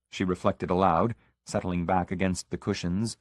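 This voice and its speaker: Low-voiced male audiobook narrator. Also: normal speed, hardly any pauses, no echo, clean studio sound. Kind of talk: scripted narration.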